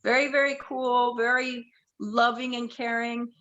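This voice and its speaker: Laughing woman telling lively stories. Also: on the high side, measured pace, lo-fi sound. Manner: animated storyteller who laughs often. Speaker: interview guest, dancer. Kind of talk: casual storytelling on a remote interview.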